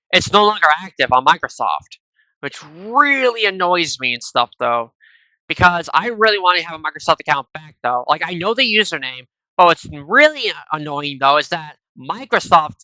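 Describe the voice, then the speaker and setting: Bright, crisp man chatting over gameplay. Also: fairly high pitch, dry recording, poor audio. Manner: tacks "though" and "and stuff" onto nearly every phrase; chatty, rambling asides to viewers. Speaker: gaming video creator. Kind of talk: casual gameplay commentary. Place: at home, recording at a PC. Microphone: gaming headset.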